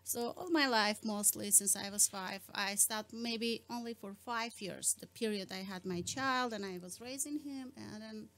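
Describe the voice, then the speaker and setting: A middle-aged woman from Russia with a Russian accent, a guest in a casual radio chat, halting as she searches for English words. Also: medium pitch, fairly bright tone.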